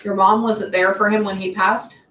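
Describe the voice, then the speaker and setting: A woman's voice: mid-range voice, little pitch movement, fairly bright tone. Chatty woman medium in an echoey room. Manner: chatty, keeps pausing to say hang on. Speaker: psychic medium. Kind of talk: casual spoken reading session. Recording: echoey room, mic at a distance, faint noise.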